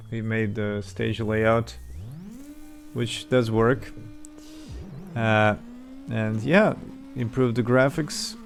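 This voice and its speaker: A man's voice: mid-range voice, creaky. A man closing a live stream of his game development work in a laid-back, thinking-aloud way. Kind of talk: casual live-stream sign-off.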